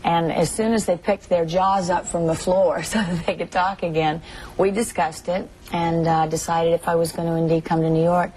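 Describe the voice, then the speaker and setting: A woman's voice: fairly low pitch, little pitch movement, normal speed, darkish tone, low-quality recording. A woman in her thirties from Alabama, an actress chatting as a TV interview guest, telling stories and laughing often. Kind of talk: morning TV interview.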